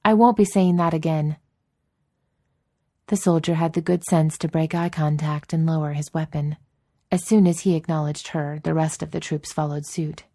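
A woman narrating a story as an audiobook reader, in a steady, even storytelling manner. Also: deep voice, normal speed, dry recording, studio quality. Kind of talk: narrating a fan fiction story.

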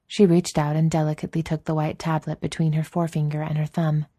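A woman narrating a story as an audiobook reader, in a steady, even storytelling manner. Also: low voice, quick pace, no room sound, studio quality. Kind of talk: narrating a fan fiction story.

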